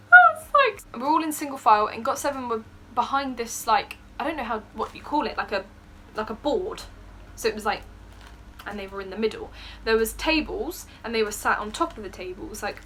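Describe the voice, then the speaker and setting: A young woman telling a story in a casual vlog, excitable and gushing, laughing often. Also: a little high, a little hiss or hum. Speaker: vlogger.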